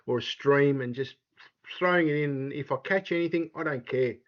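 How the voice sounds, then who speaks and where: An older man with an Australian accent, a law enforcement analyst talking as a guest in a relaxed, rambling way with lots of fillers. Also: mid-range voice, normal speed, lo-fi sound. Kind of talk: casual interview chat.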